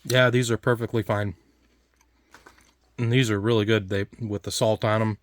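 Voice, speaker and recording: A man's voice: lowish voice, fairly even intonation, dry recording. A man casually talking through a taste test of old food, rambling and restarting his sentences a lot. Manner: rambling, halting, full of restarts and fillers. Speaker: food reviewer.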